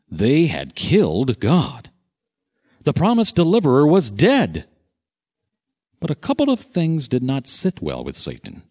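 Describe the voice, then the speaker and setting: A man narrating a scripted Bible teaching with dramatic, expressive storytelling. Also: mid-range voice, husky.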